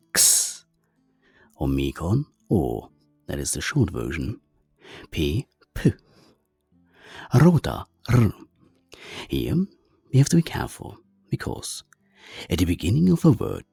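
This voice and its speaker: A man's voice: deep voice, gravelly, warm tone, husky, dry recording. A man giving a methodical language lesson, naming letters and their sounds one by one. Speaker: language teacher. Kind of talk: explanatory lesson.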